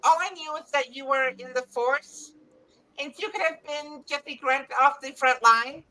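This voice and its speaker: A woman voicing a nervous young female ensign in an amateur audio drama, her voice hoarse and apologetic, breaking off into halting phrases. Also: sits high, pushed and bright, poor audio. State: hoarse, coughing.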